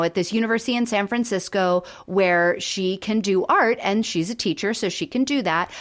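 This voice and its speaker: A woman co-hosting a podcast, casually recapping sitcom episodes and acting out the characters' lines as she goes. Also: mid-range voice. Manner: animated retelling, acts out characters' lines. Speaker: podcast co-host.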